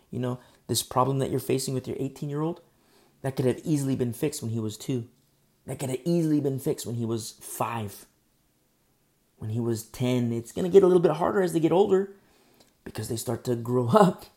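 A man delivers a sermon with a gravelly edge to his voice. He preaches bluntly and emphatically, breaking into conversational asides. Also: medium pitch, fairly quick, mellow. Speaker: pastor.

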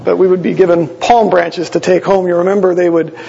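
A man's voice: high voice, level tone, brisk, creaky, dark tone, breathy edge. A man preaching a sermon to his congregation, explaining the text conversationally and with small asides to the listeners. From Wisconsin. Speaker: pastor. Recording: dull lo-fi sound with long church reverb.

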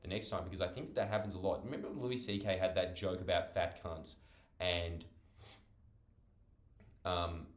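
Young guy, fairly low voice, loose profane podcast ramble, recorded in an echoey room. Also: steady tone, normal speed, long pauses. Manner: rambling, profane, self-interrupting. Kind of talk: casual monologue.

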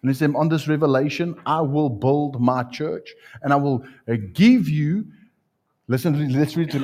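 A pastor with a fairly high voice preaches at normal speed before a church congregation. His sermon mixes animated storytelling with a live demonstration, for which he calls people up.

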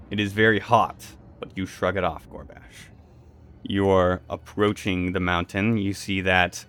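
A man runs a tabletop game, painting each scene in unhurried detail and throwing in sound effects. His voice is low and his pace slow, with faint music behind him. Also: a bit bright. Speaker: game master.

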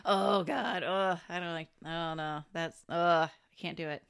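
A woman co-hosting a movie podcast, with a fairly low voice. She chats casually and chimes in with dry, wry quips about the plot. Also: fairly even intonation, measured pace, vocal fry, a bit bright, clean tone. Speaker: podcast co-host. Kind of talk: casual movie recap chat.

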